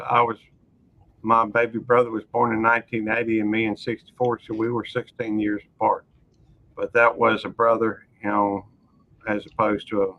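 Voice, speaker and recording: A man in his sixties talking in a measured, hesitant way in a casual live stream chat. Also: on the low side, highs cut off. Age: 60s.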